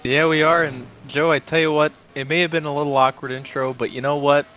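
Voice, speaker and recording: A man's voice: fairly high pitch, steady tone, brisk, a bit bright, rough recording. Folksy upbeat male co-commentator. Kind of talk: live race commentary.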